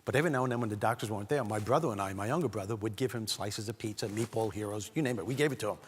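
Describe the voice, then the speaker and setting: A man giving a motivational keynote speech, animated and talking straight to the audience as he tells a story. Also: fairly low pitch, very fast, a little hiss or hum. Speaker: keynote speaker. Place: large event hall. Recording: long hall reverb.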